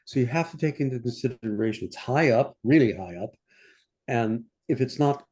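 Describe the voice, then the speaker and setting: Animated yet mellow, this older American conductor speaks in a mid-range voice while teaching score study in a masterclass. He scats the orchestral lines between explanations, never rushing, thinking aloud with fillers.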